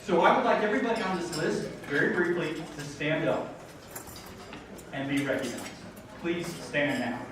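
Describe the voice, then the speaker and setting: A man's voice: fairly high pitch, moderate pace, noisy background. Man giving a gala speech in an echoey hall. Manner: casual, with frequent ums and self-deprecating jokes. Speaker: school founding board member. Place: large banquet hall at a dinner gala. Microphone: podium microphone heard from a distance. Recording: very echoey hall, far from the mic, dishes clinking. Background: clatter of cutlery and dishes.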